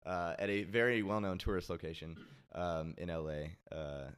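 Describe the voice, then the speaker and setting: A man with a low, deep voice, chatting as a guest on a talk show. He rambles through his story with plenty of fillers and the odd swear word. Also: normal speed, a bit bright, clear, resonant tone. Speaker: podcast guest. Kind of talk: casual chat.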